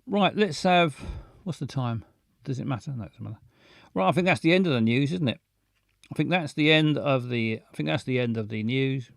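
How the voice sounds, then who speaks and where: A man hosting a live show, chatting casually in a halting, playful way with many restarts and silly jokes. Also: medium pitch, vocal fry, no echo, clean studio sound. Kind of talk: casual rambling live chat.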